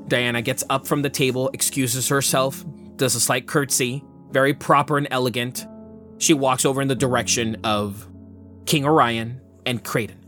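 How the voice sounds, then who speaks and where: Game master narrating a tabletop game. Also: male voice, medium pitch, fairly even intonation, normal speed, a bit bright, faint music behind. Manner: descriptive, with casual fillers.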